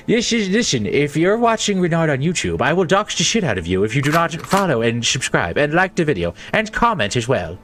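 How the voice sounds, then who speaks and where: A man's voice: on the high side, a little fast, few pauses, soft background music. A man streaming a game, cracking jokes and reading its dialogue aloud with silly put-on voices. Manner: animated, jokey, breaks into silly voices.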